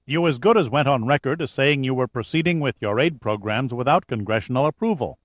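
A man's voice: medium pitch, a little fast, no room sound, muffled recording, close to an everyday voice. A man voicing an alarmed presidential aide. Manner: urgent, pleading protests. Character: anxious, emotional male presidential aide.

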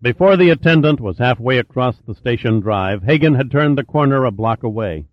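A man narrating a thriller audiobook in a steady, measured reading voice. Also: medium pitch, dry recording, dull audio.

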